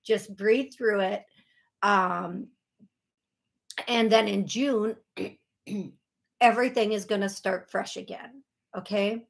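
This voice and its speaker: A woman hosting a call-in radio show as a psychic medium, giving a caller a reading in an unhurried, self-deprecating way with an American accent. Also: mid-range voice, steady tone, creaky.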